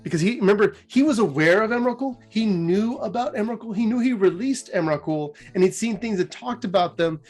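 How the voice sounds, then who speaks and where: A man's voice: high voice, lively intonation, brisk, few pauses, a little mellow. Chatty, giggly young man retelling lore. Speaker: host.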